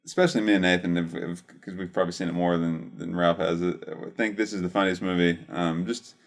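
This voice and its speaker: A man co-hosting a podcast, recalling movie scenes in a relaxed way with frequent ums. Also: low-pitched, a little fast. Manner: easygoing, lots of ums and uhs. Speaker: podcast co-host. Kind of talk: casual chat about movies.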